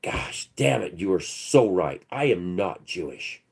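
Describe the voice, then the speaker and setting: A man in the middle of a heated, sarcastic rant, his pitch leaping up and down as he jeers. He repeats taunts in a scornful, profane way as he hosts his own commentary channel. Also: very animated, unhurried, creaky, a little mellow, slightly rough. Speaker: channel host. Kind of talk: ranting commentary.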